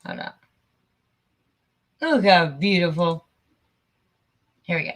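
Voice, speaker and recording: A woman's voice: lowish voice, very animated, slow pace. A woman hosting a casual live stream, chatty and a bit flustered as she fiddles with her settings. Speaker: livestream host.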